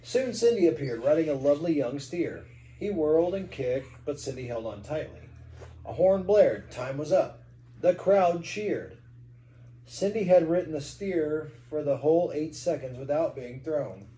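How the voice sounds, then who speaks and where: A man's voice: fairly high pitch, animated, unhurried, mellow, roomy sound, low-quality recording. A man from Kentucky, a parent reading a storybook aloud to a child at home, with chatty asides.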